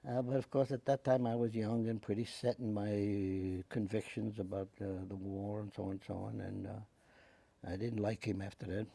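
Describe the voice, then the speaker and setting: A man's voice: lowish voice, normal speed, gravelly, no echo. An older man from the United States with a New York accent, recounting memories in an oral history interview and acting out other people's words. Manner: animated, acts out voices in quotes. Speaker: veteran interviewee.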